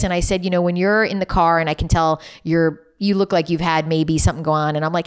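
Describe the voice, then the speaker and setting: A woman's voice: fairly low pitch, fast talker, clear, resonant tone. A middle-aged woman, a podcast guest, chatting casually and acting out conversations as she tells stories. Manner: animated storyteller, acts out dialogue. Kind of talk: casual interview chat.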